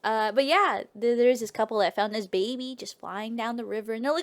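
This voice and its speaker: A woman's voice: a little high, moderate pace, clear, resonant tone. A young woman streamer casually retelling an old tale to her live chat, playful and profane, often trailing off and restarting. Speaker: streamer and storyteller.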